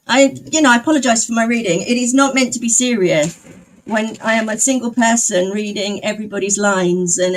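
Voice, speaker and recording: Slow-talking chatty woman streamer. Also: fairly low pitch. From outside the United States. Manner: rambling, chatty, laughs often. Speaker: live streamer. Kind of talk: casual stream chat.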